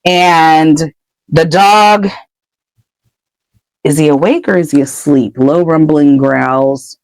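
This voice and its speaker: A woman's voice: sits low, slow pace, darkish tone, no room sound, low-quality recording. Chatty woman recapping a story. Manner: chatty, breaks into character voices. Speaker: podcast host. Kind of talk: casual chapter recap.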